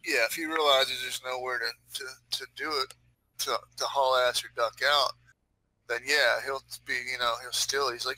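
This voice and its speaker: A man's voice: mid-range voice, steady tone, normal speed, pushed and bright, poor audio. A man chatting casually as a player at a tabletop game, loose and joking. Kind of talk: casual chat at a gaming table.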